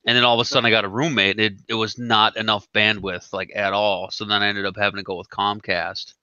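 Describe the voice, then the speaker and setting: A man's voice: lowish voice, little pitch movement, fast, sharp tone, smooth, no room sound. A man hosting a casual chat, telling a rambling, profane story. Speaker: podcast host. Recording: dull lo-fi sound.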